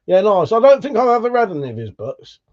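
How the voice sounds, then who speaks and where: A man's voice: sits high, very animated, fast. Laid-back British man, dull lo-fi audio. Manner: laid-back, swears freely, chuckles often. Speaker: livestream host. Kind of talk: casual live chat, reading out viewer comments.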